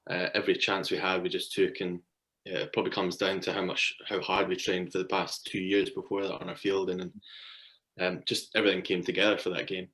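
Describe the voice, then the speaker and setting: A man with a very low voice tells cricket stories in a relaxed, chatty way. He laughs through his anecdotes and talks casually as an interview guest. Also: fairly quick. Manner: chatty storytelling, laughs often.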